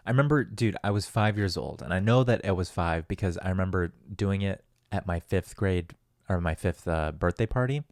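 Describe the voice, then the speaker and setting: A man's voice: sits low, moderate pace, darkish tone, dry recording, clean studio sound. A man hosting a solo podcast, talking in a loose, rambling, profane and self-deprecating way. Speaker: podcast host. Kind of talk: casual solo podcast monologue.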